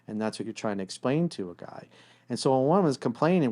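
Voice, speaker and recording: A man talks through relationship advice with a co-host, blunt and casual, and he swears freely. He keeps slipping into quick imitations of a couple arguing. His voice sits at an ordinary middle pitch. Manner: blunt, animated, acts out quoted voices. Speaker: relationship coach.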